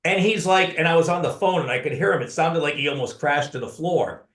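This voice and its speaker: An earnest man telling personal stories as an interview guest. His voice sits a little high for a man. He is recorded in a roomy, echoey space. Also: lively intonation, a little fast, fairly bright tone. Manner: earnest storyteller who addresses the host by name. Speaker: podcast guest, author. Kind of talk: conversational storytelling.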